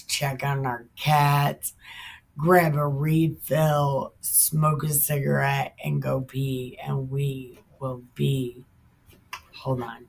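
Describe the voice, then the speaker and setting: A woman reads scripture aloud and breaks off into chatty, irreverent commentary full of slang and swearing. Her delivery is unhurried, with a very slow pace throughout. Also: rumbling low, flat delivery, gravelly, breathy edge. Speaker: Bible commentary host. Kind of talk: casual Bible reading and commentary.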